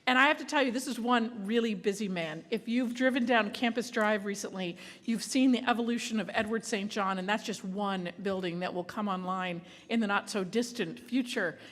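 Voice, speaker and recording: A woman's voice: medium pitch, moderate pace, few pauses, in a large hall. A woman hosting an awards ceremony, talking to the room in a playful, jokey, chatty way. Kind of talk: live ceremony remarks. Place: large event hall.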